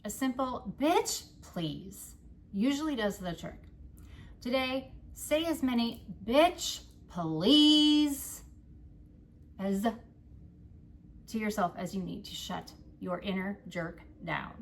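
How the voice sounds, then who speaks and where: Gravelly-voiced woman doing a casual tarot reading. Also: medium pitch, normal speed. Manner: loose and profane, with frequent "like" and "right?". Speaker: tarot card reader.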